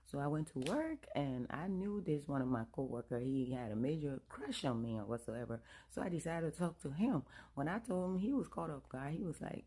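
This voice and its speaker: Young woman, low voice, casual comic storyteller, animated delivery. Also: brisk, slightly rough. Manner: animated, breathless quoting, rising to loud. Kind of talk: comedic storytime.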